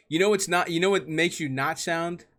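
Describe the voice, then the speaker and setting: A man's voice: on the high side, a bit bright. A young man hosting a comedy advice show, giving crude, profane and mocking answers to callers.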